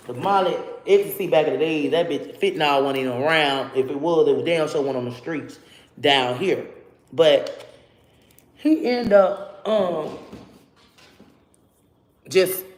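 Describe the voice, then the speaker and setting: A woman's voice: low voice, a little slow, long pauses, reverberant. A woman telling a story to her viewers in casual, profane vlog chat. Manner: loud animated storytelling with profanity. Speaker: vlogger.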